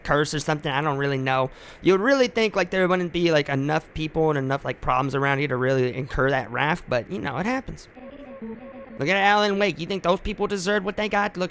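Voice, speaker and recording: A man's voice: a little high, fairly bright tone. A man streaming a driving game, talking in rambling, joking asides full of fillers. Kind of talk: casual gameplay commentary.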